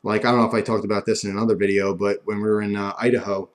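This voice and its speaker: Young male vlogger, lowish voice, chatty and self-mocking. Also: flat delivery, racing. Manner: rambling, self-mocking, frequent restarts and laughs. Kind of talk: casual storytelling.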